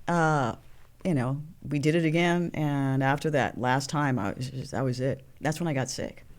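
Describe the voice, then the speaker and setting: A woman in her sixties, a guest actress, telling animated stories and acting out the voices of people in them. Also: rumbling low, normal speed. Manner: animated storyteller, acts out quoted voices. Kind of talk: storytelling interview.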